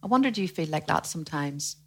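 A woman preaching a sermon in a lively way, acting out the voices of the people she quotes. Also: low voice, quick pace. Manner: animated, acts out quoted voices.

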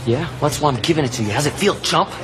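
A man playing a bitter, deadpan washed-up star who grumbles and curses in a sullen way. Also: fairly high pitch, fast talker, over music, lightly acted.

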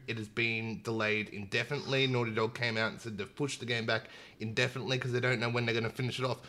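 A man's voice: mid-range voice, bright, forceful tone. A man hosting a gaming podcast, chatting casually and enthusiastically with lots of fillers. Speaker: podcast host. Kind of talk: casual chat. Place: home, streamed online. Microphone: internet stream with dropouts.

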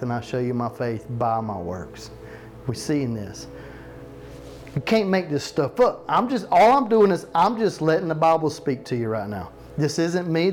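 A man preaching a sermon, reading scripture slowly for emphasis and asking the listeners questions. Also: fairly high pitch, a little mellow. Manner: slows down to stress verses, asks the listeners questions.

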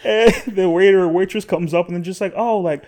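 A young man co-hosting a podcast in casual chat, laughing often and acting out bits loudly. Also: high voice, steady tone, quick pace. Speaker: podcast co-host.

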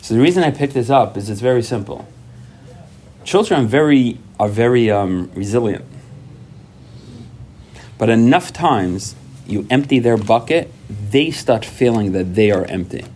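A man who is a parent gives a personal talk at a recovery workshop. He tells stories with lively energy, acts out quoted dialogue, and often repeats himself and restarts sentences. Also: medium pitch, a little slow, long pauses, slight background noise. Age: adult parent. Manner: animated storytelling, acting out quoted dialogue; frequent repetitions and restarts.

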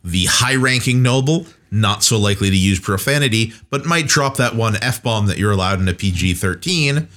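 Lower-voiced man explaining casually. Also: animated, normal speed, few pauses, a bit bright. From United States. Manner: explanatory, repeats words when starting. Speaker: podcast co-host. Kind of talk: casual chat about running tabletop games.

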